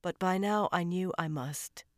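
A woman's voice: fairly low pitch, measured pace, no echo, clean studio sound. A woman narrating a first-person audiobook thriller in a tense, dramatic storytelling manner.

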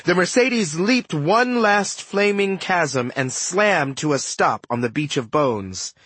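A man giving expressive first-person audiobook narration in a close studio recording. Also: on the high side, slow pace, husky, no echo. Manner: animated, expressive storytelling.

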